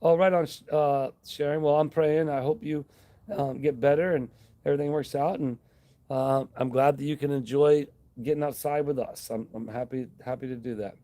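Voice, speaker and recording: A man hosting a casual live stream, rambling in a relaxed, friendly way, reading out viewer comments and thanking them. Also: a little high, moderate pace.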